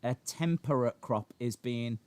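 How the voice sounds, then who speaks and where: A man hosting a live stream, reacting excitedly to chat, shouting and laughing. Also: medium pitch, measured pace, smooth, no room sound. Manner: animated, shouts and laughs reading chat names.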